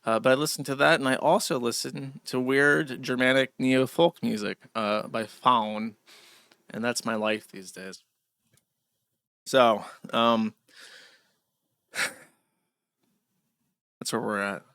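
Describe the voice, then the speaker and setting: A man hosting a livestream talks in a loose, rambling monologue, drifting from story to story and speaking straight to his chat. His voice is bright and forceful. The sound is dry, with almost no room around it. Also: medium pitch, fairly even intonation, slow, pauses often, clear, resonant tone, no room sound. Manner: rambling, digressive, addresses chat directly. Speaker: livestream host.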